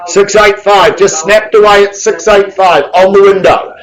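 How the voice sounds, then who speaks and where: Brief: male NZ auctioneer, jovial, brisk calls, light banter with the room. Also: sits high, steady tone, poor audio. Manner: brisk, jovial patter with quick asides to bidders. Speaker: real estate auctioneer. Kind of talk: live property auction calling. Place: auction room with bidders present.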